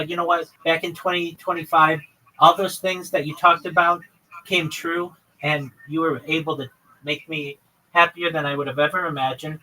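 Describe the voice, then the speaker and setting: A man's voice: a little high, bright, forceful tone, distant mic, rough recording. A man hosting a livestream chat with a caller, earnestly listing his plans in long runs. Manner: earnest, lists many topics in long runs. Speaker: livestream host.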